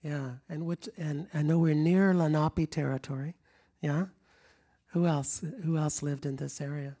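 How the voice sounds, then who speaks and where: This storyteller's voice is on the high side, with fairly even intonation and a measured pace. A middle-aged man from rural Kentucky whose accent has been trained into General American, he addresses a live lecture-room audience, rambling warmly, restarting often, chuckling and moving around.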